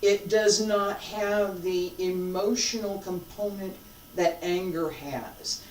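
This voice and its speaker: A martial arts instructor teaching a live class, emphatic and repetitive, swinging between loud and hushed. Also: mid-range voice, fairly even intonation, takes it slowly, a little hiss or hum. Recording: roomy sound from a distant mic.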